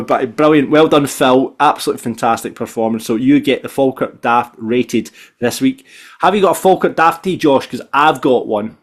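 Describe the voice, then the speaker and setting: A man with a Scottish accent hosting a football podcast, telling stories in a chatty, animated way and often tagging "right?" onto his sentences. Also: medium pitch, moderate pace. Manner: animated storyteller, repeats "right?". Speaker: podcast host. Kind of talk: casual football podcast chat.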